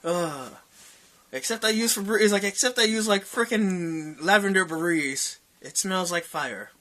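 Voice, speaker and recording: A young man chats on a podcast with a very bright, ringing voice that sits high for a man. He tells a wild story in an animated way, acts out what others said and swears freely. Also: unhurried. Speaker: podcast co-host. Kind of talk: casual storytelling chat.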